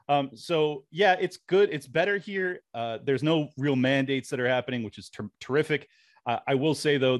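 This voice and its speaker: A young man guesting on a podcast chats casually in a medium-pitched voice, telling animated stories and laughing often. The recording has no echo.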